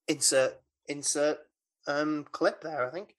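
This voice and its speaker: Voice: mid-range voice, steady tone, unhurried. Co-host in casual chat, rambles through plot, mid-range voice. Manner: rambling, mimics film lines. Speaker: podcast co-host. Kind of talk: casual film recap chat.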